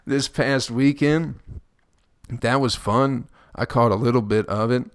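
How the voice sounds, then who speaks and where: A man's voice: slow, no echo. A man hosting a solo podcast, rambling crudely and joking with lots of swearing, speaking close to the mic. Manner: mimics people in high squeaky voices. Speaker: podcast host. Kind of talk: casual solo podcast monologue.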